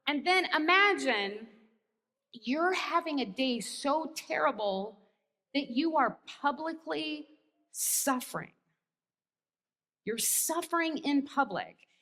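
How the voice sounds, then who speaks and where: A woman's voice: high voice, lively intonation, slow, pauses often, sharp tone. American woman pastor, sermon with wry self-mocking humor, long church-hall reverb.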